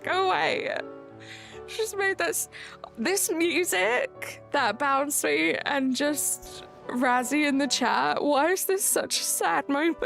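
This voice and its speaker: A woman's voice: sits high, creaky, a bit bright. A young woman live streaming at home on a desk mic, chatting casually, reading chat aloud and joking back. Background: faint game music.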